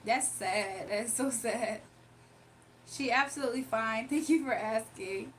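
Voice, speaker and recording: A woman's voice: fairly high pitch, unhurried, distant mic, a little hiss or hum. A young woman hosting a casual livestream, chatting, laughing often and reading viewers' comments aloud. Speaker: livestream host doing readings.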